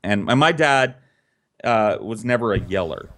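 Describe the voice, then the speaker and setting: A man's voice: lowish voice, expressive, measured pace, fairly bright tone. A man telling a childhood story in a casual, conversational way, swearing freely and animating the tale.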